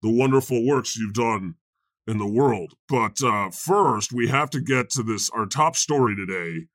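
A man playing God as a casual, deadpan talk-show host in an improvised comedy show. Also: mid-range voice, a little slow, no room sound, studio quality, lightly acted.

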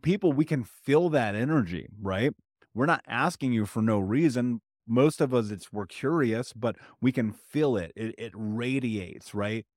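A man's voice: mid-range voice, measured pace, a little mellow, no echo, studio quality. Direct, conversational male podcast coach. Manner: direct, conversational, often asks "right?"; plain-spoken, with casual swearing. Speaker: trauma healing coach and podcast host. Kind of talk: motivational solo podcast talk.

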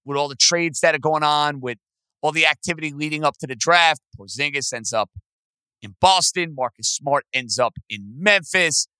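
A man's voice: on the high side, normal speed, bright, forceful tone, smooth, no room sound, rough recording. A man hosting a sports talk show, ranting angrily with sarcasm at his team's owners. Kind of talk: sports talk podcast rant.

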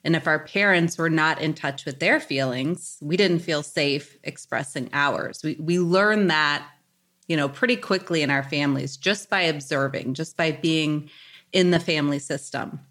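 A woman in her forties, a psychologist guest on a podcast, explaining things calmly and reflectively. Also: deep voice, moderate pace. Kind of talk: podcast conversation.

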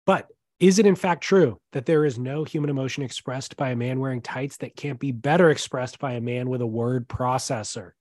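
A man's voice: mid-range voice, brisk, darkish tone, no room sound. A man co-hosting a podcast, in laid-back, joking casual chat. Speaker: podcast co-host.

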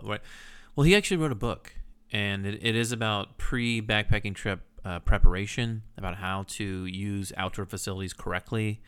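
A man's voice: lowish voice, a little fast, few pauses, a bit bright, clear, resonant tone. A man co-hosting a casual podcast chat, teasing his partner with dry humor. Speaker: podcast co-host.

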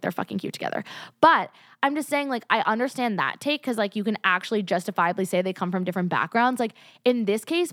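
A woman's voice: medium pitch, dry recording. Podcast host, young woman, casual chatty rant, a little under the weather, dead dry close mic. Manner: animated, heavy use of "like", swears freely. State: sick. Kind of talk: casual opinion chat.

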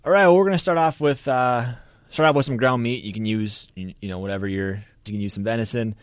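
A man's voice: medium pitch, fast, dry recording. A man, a chef guest on a radio show, explaining a recipe in an easygoing way. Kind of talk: casual radio interview.

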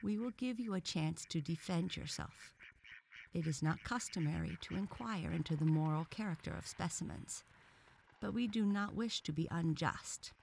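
A woman's voice: lowish voice, moderate pace, creaky, a little mellow, a little hiss or hum. A woman voicing a pompous male frog professor who lectures in a formal, stern way. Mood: lecturing.

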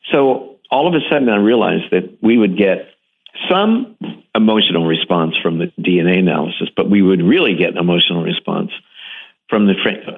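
A fairly low-voiced man talks eagerly about his work, pressing hard on key words and often circling back to restart his sentences. The sound is squeezed through a narrow, phone-like band, as if heard down a radio line. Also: husky. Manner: enthusiastic, emphatic, with frequent restarts. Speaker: interview guest, TV series host. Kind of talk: animated storytelling in an interview.

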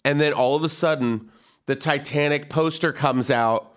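A man hosting a podcast, telling a funny story in a casual, camp, animated way and laughing at his own jokes. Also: on the high side, moderate pace. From San Antonio, Texas. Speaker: podcast host.

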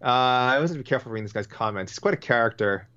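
A man's voice: medium pitch, racing, sharp tone, smooth, muffled recording. A man co-hosting a podcast in casual chat, reading out listener comments and rambling between them.

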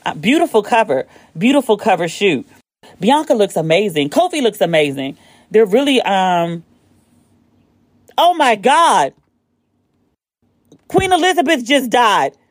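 A woman hosting a casual chat show, talking in an animated way, swearing freely and jumping high in pitch when excited, recorded on her phone. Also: measured pace, long pauses, dry recording, studio quality. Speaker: podcast host.

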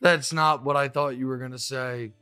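A man's voice: mid-range voice, clear, resonant tone, dry recording, clean studio sound, soft background music. Man telling a story on a podcast. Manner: animated storyteller, quick asides. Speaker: podcast host. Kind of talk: casual podcast chat.

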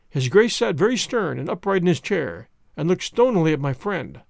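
Expressive man narrating a detective story. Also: on the high side, moderate pace, vocal fry, few pauses, no room sound, clean studio sound. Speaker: audiobook narrator.

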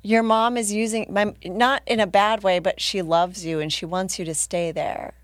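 A woman's voice: medium pitch, moderate pace, no echo, clean studio sound. A woman guest telling a casual story, laughing often and acting out what others said. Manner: animated, laughing, acts out other people's lines. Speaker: podcast guest.

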